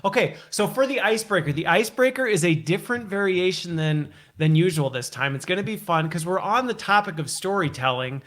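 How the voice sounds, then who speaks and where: A man's voice: sits high, animated, brisk, few pauses, a bit bright. A man hosting a live online show, upbeat and playful, laughing often and teasing his guest. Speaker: host. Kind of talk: casual live show chat.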